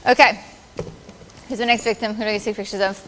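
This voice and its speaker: A woman's voice: medium pitch, fairly even intonation, quick pace, a bit bright, long reverb tail, a little hiss or hum. A woman photographer directing models at a live shoot, with playful, encouraging directions. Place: large studio with audience.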